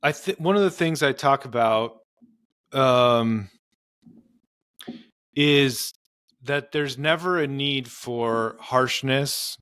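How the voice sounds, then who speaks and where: A man's voice: medium pitch, slow, long pauses, fairly bright tone, clear, resonant tone, no room sound, clean studio sound. A man, a marriage and family therapist, explaining in earnest conversational interview advice with frequent fillers. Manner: earnest, explanatory, many "you know" fillers.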